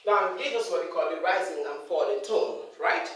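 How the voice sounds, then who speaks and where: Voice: medium pitch, animated, normal speed, few pauses, a bit bright. Emphatic speaker drilling words in an echoey hall. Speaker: speaker teaching pronunciation. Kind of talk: lecture on pronunciation. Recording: very echoey hall, voice far from the mic.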